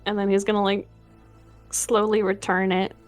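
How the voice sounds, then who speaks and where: A woman's voice: medium pitch, level tone, normal speed, soft background music. A woman player describing her character's actions, giggling often and using lots of filler words.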